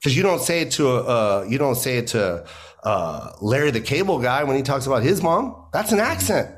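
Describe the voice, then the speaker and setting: Speaking at a moderate pace in a mid-range voice, this male guest comedian chats casually on a podcast, lively and emphatic. He says "you know" a lot, and his voice leaps upward on his points.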